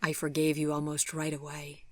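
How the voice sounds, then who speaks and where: A woman voicing a young man who speaks gently and hesitantly, apologizing. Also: low-pitched, monotone, normal speed, no echo. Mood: gentle. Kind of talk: audiobook character voice.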